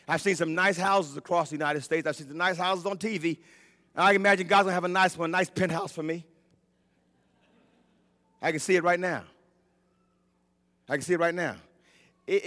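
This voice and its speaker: A high, bright-voiced middle-aged man preaches with fervor, veering from ringing shouts to near-whispers and tripping over his own restarts. His voice rolls out into a long church reverb, as if filling a sanctuary. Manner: impassioned, swinging from shouts to hushed, stammering restarts. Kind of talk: sermon.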